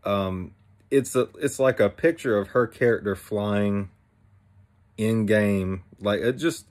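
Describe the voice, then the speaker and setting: A man's voice: fairly low pitch, takes it slowly, darkish tone. A young man casually recapping an anime episode, rambling with many fillers and restarts.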